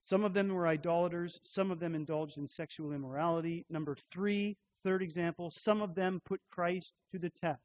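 Pastor, male, fairly high voice, measured expository sermon delivery, dull lo-fi recording. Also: fairly even intonation. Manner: measured expository preaching, repeating phrases for emphasis.

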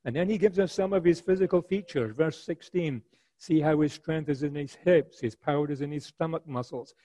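Earnest man preaching, mellow dry voice. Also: fairly high pitch, moderate pace, dry recording, low-quality recording. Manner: earnest, rhetorical, paraphrases scripture in a lively voice. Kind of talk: expository sermon.

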